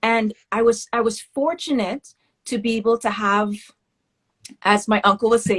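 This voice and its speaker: A woman of West Indian heritage talking candidly as an interview guest, telling animated stories about her work and childhood. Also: fairly high pitch, moderate pace. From West Indian family. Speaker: guest, children's book author. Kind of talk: casual interview talk.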